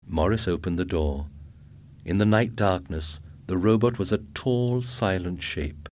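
A man narrating a story aloud in a steady reading voice. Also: low-pitched, a little slow, no room sound. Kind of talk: audiobook narration.

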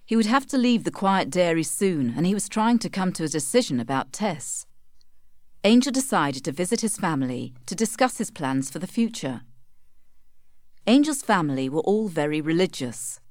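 A woman reading a storybook aloud, clear and expressive. Her voice sits low but moves freely. The recording is close and dry. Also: dry recording. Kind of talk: storybook narration.

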